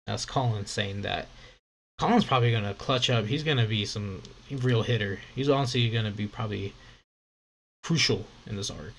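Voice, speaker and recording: A man's voice: on the low side, normal speed, creaky, a little hiss or hum. A man streaming live, reading a comic aloud with casual, rambling commentary and lots of fillers.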